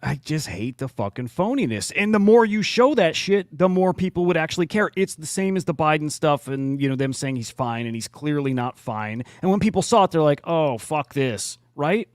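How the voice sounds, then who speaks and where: A man's voice: fairly high pitch, animated, brisk, hardly any pauses, dry recording, studio quality. A man hosting a podcast in casual chat, blunt and profane with plenty of restarts. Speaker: podcast host.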